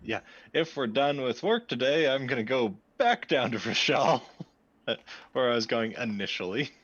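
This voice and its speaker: A man player in a tabletop role-playing game, relaxed and rambling. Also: medium pitch, moderate pace, breathy edge, highs cut off. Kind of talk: casual tabletop play.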